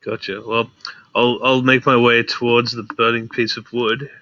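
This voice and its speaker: Flat, very bright-voiced male player. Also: medium pitch, moderate pace, no echo, highs cut off. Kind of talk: casual tabletop game chat.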